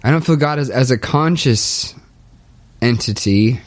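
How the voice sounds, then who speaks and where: A young man speaking a hesitant, halting confessional monologue, restarting often and sounding dejected. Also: medium pitch. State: low and dejected. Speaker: podcaster documenting his spiritual journey.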